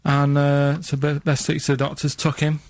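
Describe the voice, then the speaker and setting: A man on a radio show, telling a rambling tale in a deadpan way during radio banter. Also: on the high side, moderate pace, dry recording. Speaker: radio co-host.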